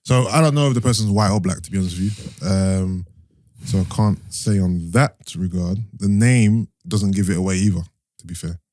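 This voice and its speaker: A young man co-hosting a podcast, talking things through in a measured way with hedges and fillers. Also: deep voice, a little mellow, no room sound, clean studio sound. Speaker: podcast co-host. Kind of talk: casual chat.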